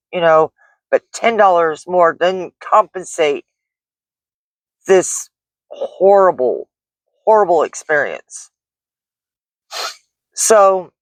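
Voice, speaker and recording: Slow-talking woman telling a shaken story. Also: lowish voice, no room sound. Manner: rambling, shaken retelling with many restarts and fillers. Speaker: delivery driver and vlogger. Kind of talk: personal story vlog.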